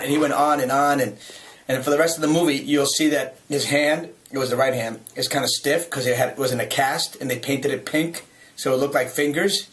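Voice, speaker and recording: A man's voice: mid-range voice, normal speed. Chuckling man telling film-set anecdotes. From United States. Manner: lively, chuckling storyteller with many restarts. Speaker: actor. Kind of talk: casual anecdotes in a video message.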